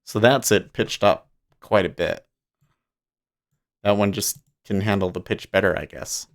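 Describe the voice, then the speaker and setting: A man hosting a livestream in casual chat, rambling and breaking off mid-sentence, often laughing. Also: lowish voice. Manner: rambling, self-interrupting, quick to laugh. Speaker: livestream host.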